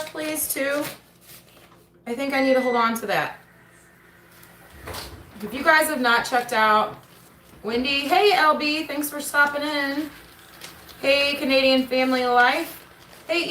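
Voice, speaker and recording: Chatty mom hosting a roomy home livestream. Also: female voice, high voice, measured pace, long pauses, bright, forceful tone, a little hiss or hum. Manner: chatty, keeps breaking off to talk to her kids. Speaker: homestead channel host and mother. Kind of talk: casual livestream mail call. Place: at home, seated at a table. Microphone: camera on the table.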